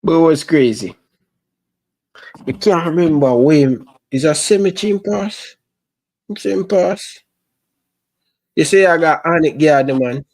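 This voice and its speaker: A man with a Jamaican accent hosting a casual chat, telling stories in relaxed patois. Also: a little high.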